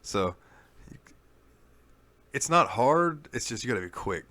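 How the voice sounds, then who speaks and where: A man's voice: medium pitch, big pitch swings, slow, sharp tone, no echo. A man co-hosting a gaming podcast, telling a long story in casual chat and swearing freely. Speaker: podcast co-host.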